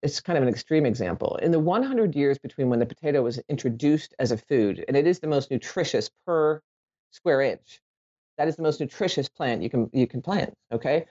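An Irish woman talks through a casual podcast monologue, drifting between points and correcting herself as she goes. Her voice is warm and mellow, with a relaxed, loose way of swearing. The recording sounds a little dull and muffled. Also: extremely low pitch, brisk. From Ireland.

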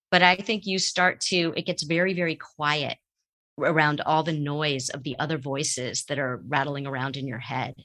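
A middle-aged woman speaks as a therapist, her voice low-pitched yet bright. She talks calmly and reflectively. She explains her points through examples. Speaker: therapist guest. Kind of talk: advice talk on a call-in show.

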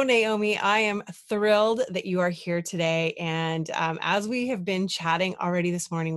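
A woman's voice: medium pitch, no echo, studio quality. A woman hosting a podcast, an enthusiastic and affirming life coach interviewing a guest in a conversational way. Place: Toronto.

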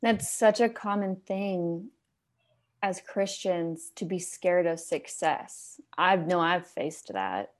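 Casting: woman, podcast host, earnest and measured, reads scripture. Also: on the low side, animated. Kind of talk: casual chat and scripture reading.

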